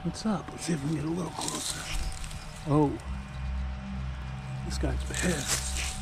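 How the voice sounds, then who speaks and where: A man's voice: on the high side, steady tone, a little fast. A man casually vlogging outdoors in a backyard, talking in a laid-back, rambling way. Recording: clear music under the voice.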